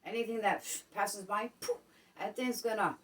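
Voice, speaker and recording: In her home vlog, a Puerto Rican woman offers casual advice at a moderate pace in a mid-range, fairly bright voice. Her voice sits a little far from the microphone, and she often repeats things and asks "okay?"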